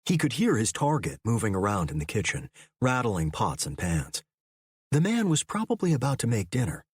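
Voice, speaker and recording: A man narrating a thriller audiobook in a measured, storytelling way. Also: lowish voice, huge pitch swings, husky, dry recording.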